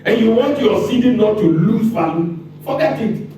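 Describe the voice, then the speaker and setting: A Ghanaian man gives a fired-up lecture and pelts his listeners with rhetorical questions. His voice sits high and swings widely, with a mellow, dark tone. He sounds far from the mic in a very echoey room with faint background noise. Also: expressive, normal speed. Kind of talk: public lecture.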